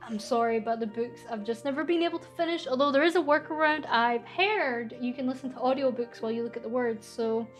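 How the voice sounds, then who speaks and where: A young woman chats casually on a stream, reading out comments and giggling. Her voice sits high. Faint music plays underneath. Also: a little fast, hardly any pauses. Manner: giggly, bubbly, reads comments aloud. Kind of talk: casual chat reading viewer questions.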